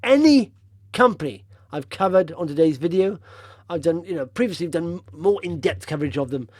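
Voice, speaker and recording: Male investing vlogger, tired and rambling, slightly higher voice, dry close recording. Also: expressive, moderate pace, dry recording. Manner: chatty, rambling, blunt opinions. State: tired after a long drive. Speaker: stock-picking video host. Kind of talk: casual market commentary over charts.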